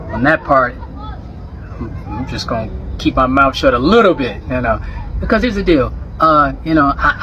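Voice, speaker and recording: An American man talking casually to camera outdoors, lively and acting out quoted voices. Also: medium pitch, a little hiss or hum, low-quality recording. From United States. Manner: animated, acts out quoted voices, chuckles. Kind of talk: casual vlog talk to camera.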